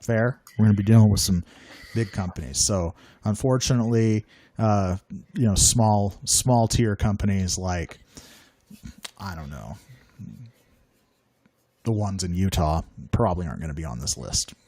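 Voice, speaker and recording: A man hosting a casual talk show in an upbeat, joking way. His voice sits a little low. The sound is dry and close, with little room around it. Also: a little slow, dark tone, dry recording. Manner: upbeat, joking, self-deprecating. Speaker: podcast host. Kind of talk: casual chat.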